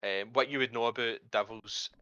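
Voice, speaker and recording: Brief: male game master, mid-pitched, casual and hesitant, dull dry lo-fi sound. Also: fairly even intonation, normal speed, sharp tone, no room sound. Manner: rambling, hesitant, swears casually. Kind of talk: narrating a tabletop game.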